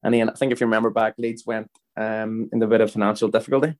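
A man's voice: lowish voice, steady tone, fast. A Northern Irish man in his thirties, a footballer guest telling rambling anecdotes in casual podcast talk, often checking in with the listener. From Northern Ireland. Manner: rambling, anecdotal, frequent restarts and "you know what I mean".

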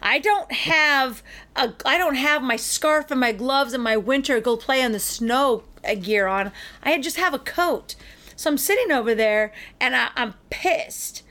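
A middle-aged woman hosting a podcast, telling a story in a casual, animated way and acting out the other people in it. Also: high voice, unhurried. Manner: animated, acts out the people in her stories.

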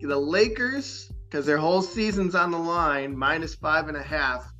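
A man's voice: on the high side, measured pace, bright, forceful tone, dull audio, faint music behind. A man co-hosting a casual sports betting podcast, easygoing and laughing along. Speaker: podcast co-host.

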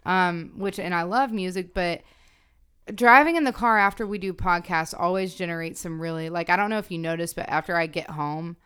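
A young woman co-hosts a podcast, sharing personal stories in a reflective, casual chat and saying "like" often. Her voice is fairly low in pitch yet fairly bright, clean in tone, and fairly quick.

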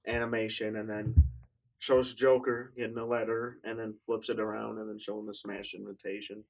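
A man's voice: lowish voice, level tone, normal speed, gravelly, poor audio. A young man in a casual chat, recounting events hesitantly with many fillers.

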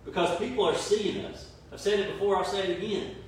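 A man's voice: high voice, steady tone, a little fast. A man preaching a sermon to his church, with emphatic repetition and rhetorical questions. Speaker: pastor. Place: church service streamed online. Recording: very echoey room, mic at a distance, faint room noise.

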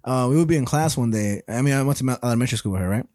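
A man's voice: mid-range voice, rapid-fire, darkish tone, no room sound, clean studio sound. A young man co-hosting a podcast in casual chat, rambling through stories with lots of swearing and laughter. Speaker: podcast co-host.

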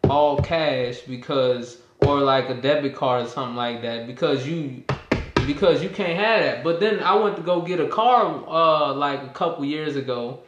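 A man's voice: a little high, moderate pace, lo-fi sound, background noise. A young man in his twenties chatting casually with loose, slangy talk and frequent restarts. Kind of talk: casual chat. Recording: echoey room.

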